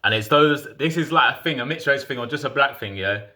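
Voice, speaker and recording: A man's voice: mid-range voice, fast talker, bright, forceful tone. A man in his thirties casually telling a personal story in frank, slangy talk full of restarts.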